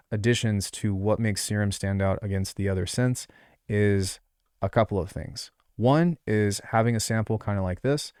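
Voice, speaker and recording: A man walks through a synth tutorial in a loose, rambling way, full of fillers and side remarks. His voice sits a little low, and the recording is dry and close with no room sound. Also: darkish tone, clear, resonant tone, dry recording. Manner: rambling, offhand, lots of fillers and asides. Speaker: music production tutor. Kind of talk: casual screen-recorded tutorial.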